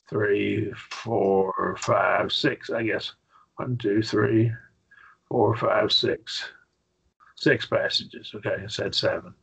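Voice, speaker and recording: A man teaching a Bible Greek grammar class in a folksy way, often asking "okay?" and slowing down to stress his points. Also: on the low side, gravelly, fairly bright tone, slightly rough, lo-fi sound. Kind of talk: classroom lecture.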